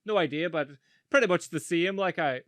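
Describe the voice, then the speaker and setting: A Northern Irish guest with a smooth, clear voice pitched a bit high, joking at his own expense. The sound is dry and close, with no room echo. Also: a little fast, a bit bright. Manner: playful, self-mocking. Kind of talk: casual chat.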